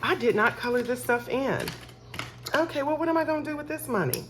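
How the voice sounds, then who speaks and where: A woman's voice: high voice, animated, fairly quick, background noise. A woman, talking casually to her viewers while counting cash for her budget. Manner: chatty, talks to viewers as y'all, counts aloud. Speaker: budgeting vlogger.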